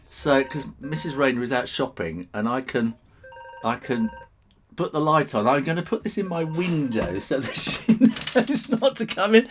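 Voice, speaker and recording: A man's voice: mid-range voice, a little hiss or hum. Casting: middle-aged man, live-stream host, rambling and chuckling, voice rises and falls a lot. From England. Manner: chatty, chuckling, rambling asides. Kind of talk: casual live-stream chat.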